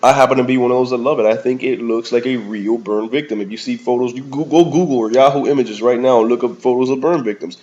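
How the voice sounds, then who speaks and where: A man's voice: mid-range voice, steady tone, quick pace, hardly any pauses, darkish tone. A man giving a casual, rambling movie review in slangy talk, often calling the listener "man" or "bro". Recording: slightly dull lo-fi recording.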